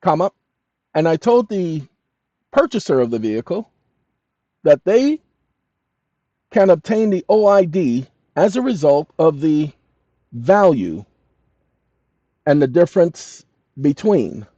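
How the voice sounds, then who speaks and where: A man's voice: fairly high pitch, very animated, dry recording, muffled recording. Emphatic man lecturing his viewers. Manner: emphatic, addresses listeners as "ladies and gentlemen"; slow, deliberate dictation of text. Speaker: channel host.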